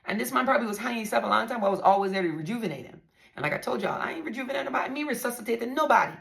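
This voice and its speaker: A woman's voice: a little high, expressive, racing, gravelly, fairly bright tone. A woman hosting a podcast, telling her own story in a blunt, emphatic way and speaking straight to her listeners. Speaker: podcast host. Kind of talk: candid storytelling monologue.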